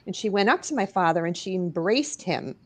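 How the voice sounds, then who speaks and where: A middle-aged woman from New York, a guest author and paranormal investigator, telling an emotional personal story in a studio. She is expressive, rising and dropping her voice as she goes. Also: lowish voice, fairly quick. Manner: expressive, rises and drops as she tells the story.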